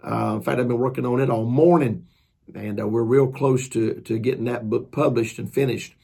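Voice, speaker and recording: A man's voice: mid-range voice, steady tone, moderate pace, gravelly, warm tone, slightly rough. A man, a preacher and author, telling a story in a folksy, earnest, casual way. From Georgia, US.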